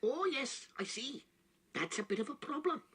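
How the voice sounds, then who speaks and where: A man voicing a kindly old male village baker in a classic cartoon, with a husky voice. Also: very high voice, animated, moderate pace, a bit bright, exaggerated voice. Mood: thoughtful.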